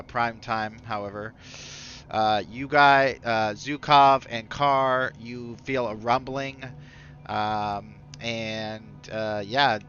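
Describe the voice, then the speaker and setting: A man's voice: medium pitch, pushed and bright. A man narrating a tabletop game as game master, rambling with many fillers and restarts, in a dull lo-fi recording.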